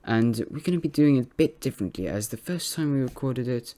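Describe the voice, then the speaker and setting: A man's voice: mid-range voice, animated, fairly quick, warm tone. A man introducing his own game video casually, rambling with fillers and restarts. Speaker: amateur game caster.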